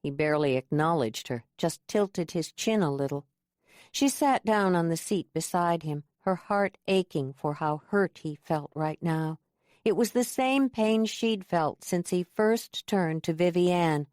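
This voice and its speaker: Clean studio sound with no room noise frames this woman's lowish voice. She narrates an audiobook from a script in an even, measured storytelling manner.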